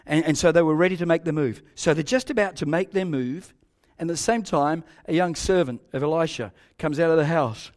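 An older man preaching a sermon, telling a story animatedly with soft asides and loud exclaims. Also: on the high side, brisk.

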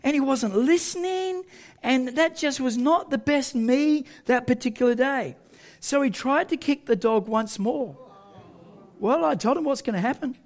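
A man's voice: very high voice, measured pace. A male pastor, telling a story in a sermon with self-mocking humour and frequent laughter.

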